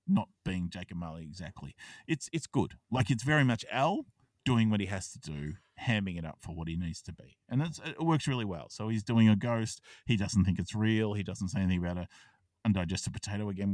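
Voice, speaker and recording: A man co-hosting a casual podcast, retelling a TV episode in an animated way and acting out the characters' lines. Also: sits low, dry recording, clean studio sound, far from the mic. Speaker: podcast co-host. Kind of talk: casual chat reviewing a TV episode.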